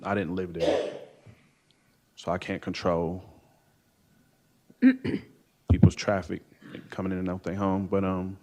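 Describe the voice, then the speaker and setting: A man in his thirties giving halting courtroom testimony from the witness stand, full of fillers and uncertain pauses. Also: deep voice, level tone, a little mellow. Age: 30s. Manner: halting, hesitant, many fillers and "I don't know".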